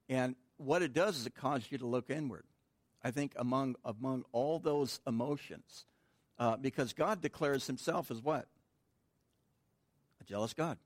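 A man's voice: mid-range voice, measured pace, no echo. A man teaching a midweek Bible study in a conversational, informal way, asking the room questions and answering them himself.

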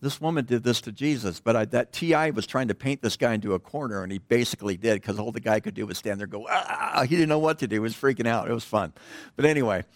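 A middle-aged pastor gives a conversational sermon in church, wandering onto tangents and letting his voice fall to a hush at the ends of phrases. His voice is mid-range and quick, with no echo.

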